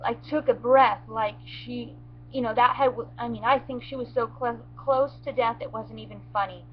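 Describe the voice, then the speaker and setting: A goat owner recounts what happened in emotional first-person storytelling, her slightly high voice halting and shaken. She restarts often and comes near tears. The recording is muffled, with a faint hum beneath it.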